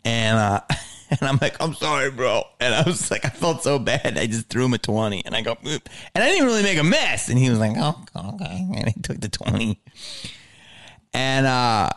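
A solo podcast host tells a story in casual, fairly quick chat, animated and swearing freely as he acts out his own reactions. The audio comes from a lower-quality backup recording.

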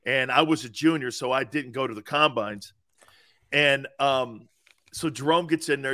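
A man co-hosting a sports talk show, an ex-player telling excited stories and laughing through them in casual chat. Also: medium pitch, normal speed. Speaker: co-host, former football player. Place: podcast studio.

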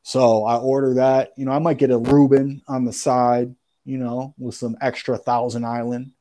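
A man's voice: medium pitch, little pitch movement, moderate pace, background noise. A man telling a story as a guest in a casual, slangy, profane way, calling people "bro.". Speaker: podcast guest.

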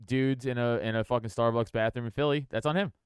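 A man's voice: mid-range voice, fairly even intonation, fast talker, clear, resonant tone, no echo, clean studio sound. A man hosting a casual comedy podcast, swearing freely, laughing often and slipping into silly voices. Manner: crude, laughs often, breaks into funny put-on voices. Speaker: podcast host.

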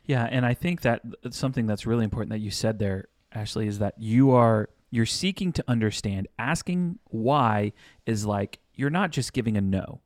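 A man's voice: fairly low pitch, lively intonation, moderate pace, no room sound, studio quality. A young man co-hosting a podcast, chatting casually and joking easily. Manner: easygoing, agreeable, joking. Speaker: podcast co-host. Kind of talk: casual chat about wedding planning.

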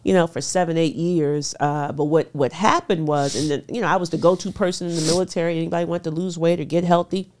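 A woman's voice: low voice, steady tone, quick pace, hardly any pauses, darkish tone. A middle-aged woman talking casually as a nutrition expert guest, stressing her points and repeating them for emphasis. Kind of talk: casual interview chat.

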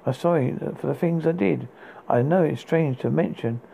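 A man's voice: a little high, normal speed, creaky, dark tone. A man hosting a podcast, reading poems aloud and often stumbling and restarting words. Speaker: podcast host. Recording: tinny phone-like sound with faint hiss.

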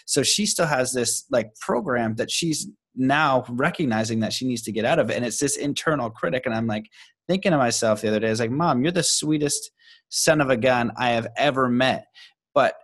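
Male podcast host, mid-pitched, relaxed storyteller who slows for emphasis. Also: no room sound. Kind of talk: casual conversation.

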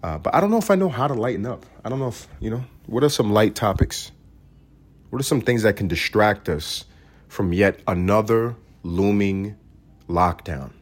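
A man hosts his own podcast with a low, husky voice, launching into a profane and sarcastic comedic rant. His delivery is highly animated, leaping between loud outbursts and quiet muttering. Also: normal speed. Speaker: podcast host.

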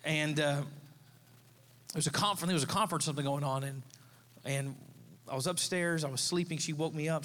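A man's voice: fairly high pitch, brisk, pauses often, fairly bright tone, long reverb tail, slight background noise. A man in his thirties, a pastor, preaching a sermon in a conversational, storytelling way, with asides to the congregation. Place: church sanctuary.

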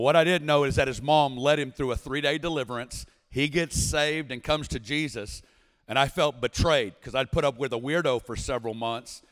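A guest preacher in his forties from Arkansas shares his testimony in a lively, story-driven style, now and then breaking into shouts. His voice sits on the high side, and the big church sanctuary adds long reverb.

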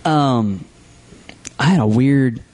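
A young man co-hosting a casual podcast, telling stories with a lot of animation and jumping high in pitch when he quotes people. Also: slow, darkish tone. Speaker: podcast co-host. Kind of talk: casual chat.

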